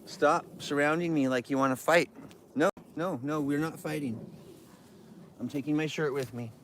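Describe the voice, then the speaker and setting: A man's voice: fairly high pitch, steady tone, normal speed, fairly bright tone, a little hiss or hum. Ranting man live-streaming among bears. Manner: ranting, scolds viewers and bears. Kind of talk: rambling live-stream chat. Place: outdoors near bears.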